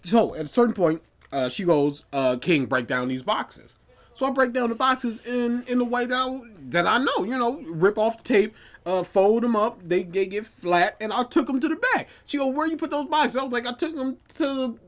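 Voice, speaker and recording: A young man telling work stories in a loose, casual podcast chat. He jumps into his coworkers' voices mid-story, and his pitch swings widely between quiet asides and loud outbursts. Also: expressive, moderate pace. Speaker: podcast guest.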